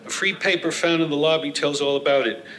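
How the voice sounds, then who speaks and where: A man reading a humorous personal essay aloud in a wry, deadpan manner. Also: fairly high pitch, fast, slight background noise, low-quality recording.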